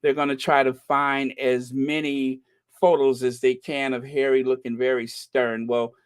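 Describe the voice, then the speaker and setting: An American man hosting a casual livestream, chatting warmly with a caller and reading viewer comments aloud in a rambling way. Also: medium pitch, flat delivery, a little slow, smooth. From United States. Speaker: livestream host.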